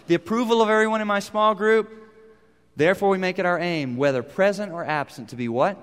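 A man preaching a sermon, asking rhetorical questions and swinging between loud, pressing lines and hushed ones. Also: high-pitched, fairly quick, smooth, long reverb tail. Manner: dramatic shifts from loud to quiet, rhetorical questions. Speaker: pastor.

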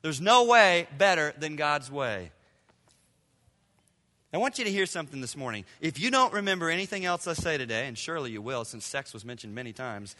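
A middle-aged male pastor preaching a sermon with emphatic repetition and sudden loud bursts. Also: on the high side. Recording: reverberant hall.

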